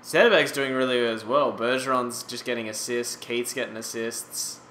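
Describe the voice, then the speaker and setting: Bright-voiced young man in an echoey room. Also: medium pitch, fairly even intonation, moderate pace, slight background noise. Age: 20s. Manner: rambling, exclamatory reactions. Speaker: gaming YouTuber. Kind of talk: casual gameplay commentary.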